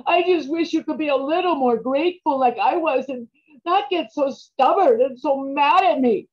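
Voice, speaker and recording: A woman playing a grieving, farm-raised mother who talks tearfully and haltingly in a stage monologue. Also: sits high, lo-fi sound, lightly acted. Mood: pleading. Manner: tearful, halting, repeats words.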